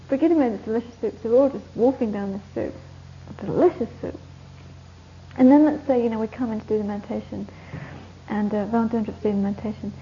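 A woman gives a dharma talk to a retreat group, wandering through anecdotes and laughing often. Her voice sits a little high. The recording is dull and lo-fi, with a faint hiss behind her. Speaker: Buddhist teacher leading a course.

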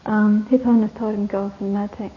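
A woman's voice: medium pitch, flat delivery, fast talker. A woman teaching a Buddhist course, giving a rambling, anecdotal dharma talk to a retreat group and laughing often. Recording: dull lo-fi recording, faint hiss.

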